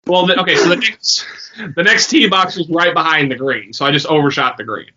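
A young man co-hosting a podcast, telling a story in a rambling, swearing, animated way. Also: a little high, a little fast, background noise. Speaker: podcast co-host. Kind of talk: casual chat. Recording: dull lo-fi sound.

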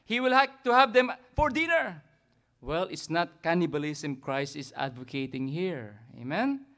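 A man with a Filipino accent preaching a sermon as pastor, animated and often tagging remarks with "isn't it?" and "amen?". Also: on the high side, unhurried.

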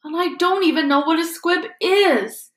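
A woman voicing a nervous schoolboy who answers loudly and defensively. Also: very high voice, a little slow, pitched above the performer's own voice. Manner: loud, defensive. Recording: roomy echo.

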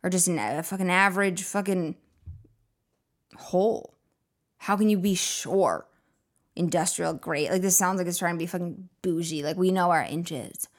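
A woman's voice: lowish voice, normal speed. A woman hosting a comedy podcast alone, riffing sarcastically with frequent laughs and swearing. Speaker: podcast host. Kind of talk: casual comedic podcast monologue.

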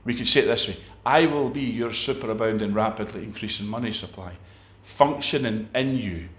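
A man's voice: on the low side, brisk, a bit bright. Emphatic man preaching in an echoey room. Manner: emphatic, repeats phrases and restarts. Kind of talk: sermon.

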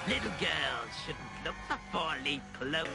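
A cackling old leprechaun taunts in a gravelly singsong brogue with a high pitch. This horror film clip sits under a thick bed of loud music. He sounds gleeful and menacing all at once. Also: big pitch swings, measured pace, heavily acted. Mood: taunting. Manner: taunting rhymes, old-world brogue phrasing.

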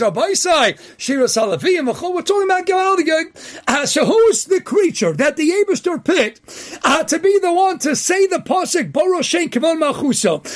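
Very high-voiced man preaching emphatically. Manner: emphatic, often shouting, asks rhetorical questions; peppers English with Hebrew and Yiddish terms. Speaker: rabbi giving a weekly Torah talk. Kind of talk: impassioned Torah sermon.

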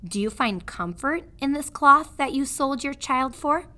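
A woman voicing a sly, smooth-talking male rat in a storybook read-aloud, soft, low and insinuating. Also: animated, a little slow, heavily acted. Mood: coaxing.

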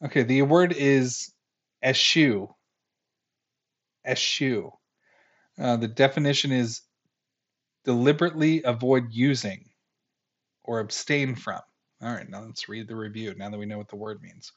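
A man's voice: medium pitch, steady tone, moderate pace. Casual male podcast host in his thirties, wry and rambling, slightly muffled home recording. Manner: rambling, sarcastic about critics, many fillers. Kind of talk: casual film review chat.

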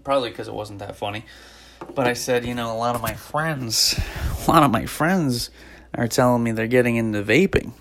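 A woman's voice: extremely low pitch, a little fast. A woman hosting a podcast in a casual monologue, ranting with sarcasm and lots of swearing and rambling between topics. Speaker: podcast host; former stand-up comic.

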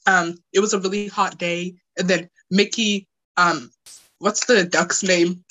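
A young adult woman co-hosting a podcast, chatting casually in an excitable, giggly way. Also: fairly low pitch, rough recording. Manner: excitable, giggly, quick to laugh. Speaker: podcast co-host. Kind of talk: casual chat.

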